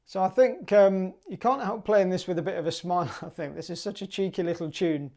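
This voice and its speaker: A woman's voice: on the low side, fairly quick, gravelly, mellow. A woman teaching clarinet for a music exam, upbeat and chatty, singing rhythms aloud.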